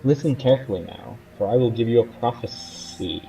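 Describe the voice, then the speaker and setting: Brief: a man playing a huge ancient game serpent, menacing, hisses each S, dark tone. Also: medium pitch, brisk, vocal fry, soft background music, close to an everyday voice, rough recording. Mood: ominous. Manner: stretches out every S into a hiss. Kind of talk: reading game dialogue aloud.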